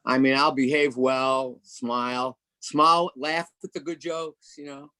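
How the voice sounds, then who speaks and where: Brief: man, guest speaker at a recovery meeting, candid and self-mocking, stammers, mid-pitched voice, video call. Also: fairly even intonation, a little slow, a bit bright. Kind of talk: personal share at a recovery meeting.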